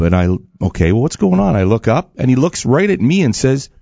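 A man's voice: mid-range voice, a little fast, gravelly, hardly any pauses, no echo, lo-fi sound. A man hosting a morning radio show, reading an ad and telling stories with lots of vocal play. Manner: animated storyteller, acts out voices. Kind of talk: radio morning show chat and live-read ad.

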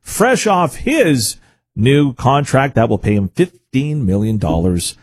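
A man's voice: medium pitch, very animated, slow pace. A man, a radio host wrapping up a segment and announcing what comes next. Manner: smooth announcer delivery with promos.

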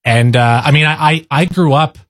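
A man from Ontario who reads the news on radio, talking casually and haltingly, with many restarts. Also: fairly high pitch, dry recording, clean studio sound. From Ontario, Canada. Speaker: radio newsreader. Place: radio studio. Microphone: studio mic.

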